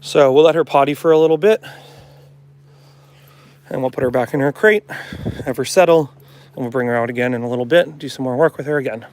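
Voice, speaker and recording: A man's voice: mid-range voice, a little fast, long pauses, a little mellow. A man talking as a dog trainer in a casual live demonstration, chatting to his viewers and coaxing a dog along. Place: at home with a dog, partly in the yard.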